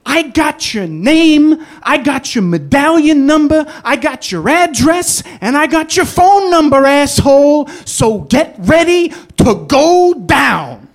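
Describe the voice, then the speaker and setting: A storyteller voicing an angry small-time mobster who owns a parking garage, shouting curses down the phone. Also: high-pitched, big pitch swings, takes it slowly, few pauses, voice pushed up, full character voice. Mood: enraged.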